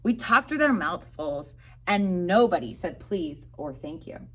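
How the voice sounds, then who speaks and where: A woman teacher reading a picture book aloud to young children in an expressive storytelling way. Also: fairly low pitch, measured pace, breathy edge.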